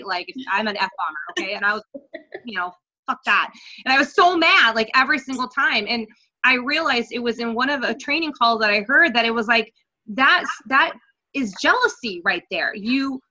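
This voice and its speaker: This high-pitched woman is a guest coach in a relaxed interview, candidly describing her path in coaching. She curses without hesitation and grows lively while recounting things.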